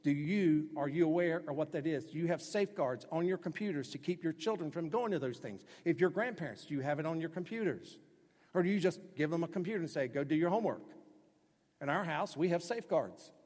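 Pastor, male, husky and a touch high, emphatic sermon delivery in a reverberant hall. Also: lively intonation, fast talker. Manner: emphatic preaching with sudden loud acted-out quotes.

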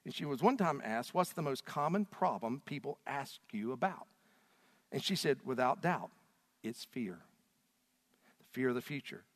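Animated pastor preaching in a reverberant hall. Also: male voice, medium pitch. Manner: animated, rising to loud emotional peaks when reading scripture. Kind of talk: sermon.

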